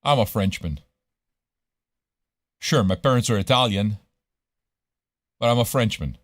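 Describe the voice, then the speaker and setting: A man's voice: fairly low pitch, expressive, measured pace, dry recording, clean studio sound. Profane, rambling man. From Montreal, Canada. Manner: profane, rambling, switches into French. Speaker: radio show host. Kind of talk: casual livestream chat.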